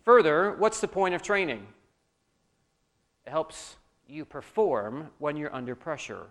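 A man preaching a sermon as a pastor, animated, swinging between loud emphasis and quiet asides. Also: on the high side, measured pace.

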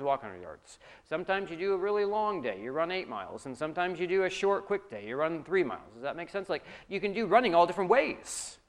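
A man preaching a sermon as a pastor, animated, swinging between loud emphasis and quiet asides. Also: sits high.

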